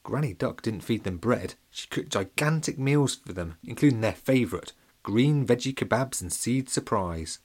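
A man narrating a children's audiobook in a playful, animated storytelling way, speaking directly to the young readers. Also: mid-range voice, normal speed, slightly rough.

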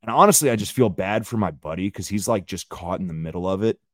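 A man's voice: low voice, fast, no echo, clean studio sound. A man hosting a solo podcast, ranting bluntly and profanely while talking straight to his listeners. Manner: conversational, addresses listeners directly. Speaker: podcast host.

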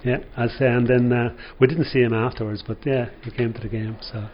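A man's voice: medium pitch, level tone, a little fast. An older Irish man spins long, meandering football stories and peppers them with "you know". The recording sounds muffled, with a faint hiss underneath. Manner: rambling anecdotes with frequent "you know". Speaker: former footballer guest. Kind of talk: storytelling interview.

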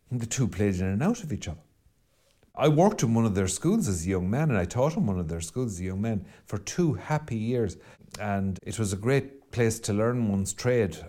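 A man's voice: fairly low pitch, dark tone. A middle-aged Irish man, a Catholic priest hosting his podcast, speaking earnestly and rhetorically, piling up questions as he reflects. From Ireland. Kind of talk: reflective spoken commentary.

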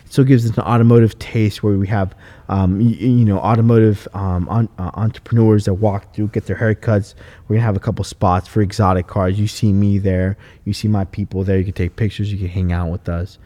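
A man's voice: fairly low pitch, brisk. A man who builds cars and runs a shop, talking casually and telling stories full of swearing. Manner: animated storyteller, swears a lot. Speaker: car builder and shop owner. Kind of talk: casual podcast chat.

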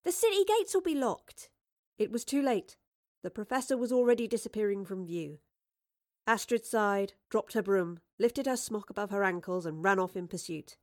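A woman narrating a fantasy audiobook in a measured storytelling manner. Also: medium pitch, dry recording, studio quality. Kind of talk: scripted narration.

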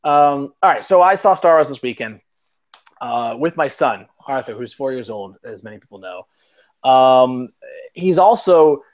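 A man's voice: medium pitch, animated, measured pace. A man hosting a podcast in casual chat, telling rambling, self-mocking stories and swearing casually. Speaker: podcast host.

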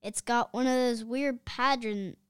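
A woman reading aloud as a playful young schoolboy, excitable. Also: on the high side, measured pace, clean tone, no room sound, studio quality, natural voice.

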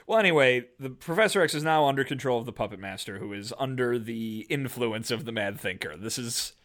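A man's voice: medium pitch, animated, a little fast, fairly bright tone. A man co-hosting a podcast, recapping a comic book with jokey asides in casual chat. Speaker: podcast co-host.

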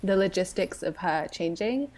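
A woman's voice: on the low side, animated, normal speed, darkish tone. A woman co-hosting a podcast, talking dryly and giving firm opinions in casual chat. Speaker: podcast co-host.

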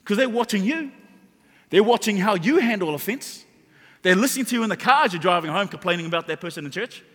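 Man, preacher, sermon, very high voice, emphatic, long hall reverb. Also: animated, quick pace, a bit bright. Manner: impassioned, emphatic preaching with repetitions. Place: church hall.

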